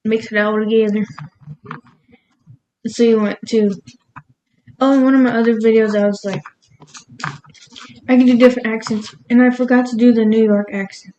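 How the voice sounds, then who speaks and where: Lady cooking at home n just rambling, kinda high voice, bit of faint noise behind. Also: fairly even intonation, normal speed, long pauses, warm tone, muffled recording. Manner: rambling, laughs at herself. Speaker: cooking vlogger. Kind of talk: casual cooking vlog chat. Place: home kitchen.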